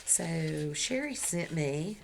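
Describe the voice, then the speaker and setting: A woman with a fairly low voice talks to the camera in a casual, gushing way. She chats from home as a crochet vlogger and often stops mid-sentence to correct herself. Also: lively intonation, slow, vocal fry, slight background noise. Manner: chatty and gushing, with laughs and self-corrections. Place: at home indoors.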